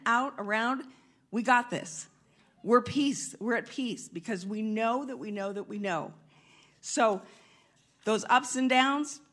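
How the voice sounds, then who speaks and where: A middle-aged woman preaching a sermon, telling stories with lively bursts of laughter. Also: fairly high pitch. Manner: animated storytelling with bursts of laughter.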